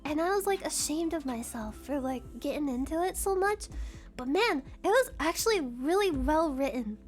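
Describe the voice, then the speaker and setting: A woman's voice: high-pitched, lively intonation, moderate pace, soft background music. A woman streaming, rambling chattily and giggling at herself in a casual chat.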